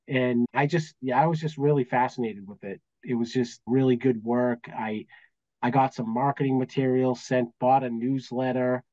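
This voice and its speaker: A man's voice: medium pitch, fairly even intonation, normal speed, dark tone, no room sound, dull audio. A man in his fifties with a Boston accent, a guest telling work stories in a casual interview and acting out the dialogue. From Massachusetts, US. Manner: anecdotal, acts out quoted dialogue. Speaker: guest, business valuation accountant.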